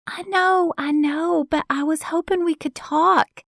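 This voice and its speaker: Audiobook figure: woman voicing nervous young cousin, high-pitched, hesitant and apologetic, slow and dry. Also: fairly even intonation, creaky, no echo, exaggerated voice. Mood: pleading. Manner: hesitant and pleading, raised higher.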